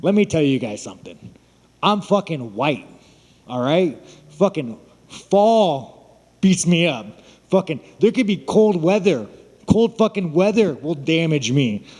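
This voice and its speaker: Man, fighter, press scrum, foul-mouthed, mocking, higher voice, long hall reverb. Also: sing-song, a little slow, a little mellow. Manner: blunt, swearing, mocking. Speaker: fighter at a media day. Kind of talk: profane, boastful press scrum talk. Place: large room at a media event.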